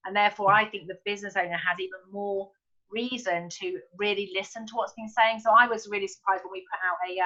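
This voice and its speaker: A woman's voice: medium pitch, bright, forceful tone, dull audio. A middle-aged woman hosting an interview, asking questions and thinking aloud as she adds her own points. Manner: thinking aloud, with fillers and restarts. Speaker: interviewer and podcast host.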